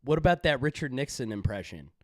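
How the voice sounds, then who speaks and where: A man's voice: medium pitch, sing-song, fast talker, dry recording, studio quality. A man hosting a stream, rambling with crude jokes and lots of fillers. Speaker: stream host. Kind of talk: casual stream banter.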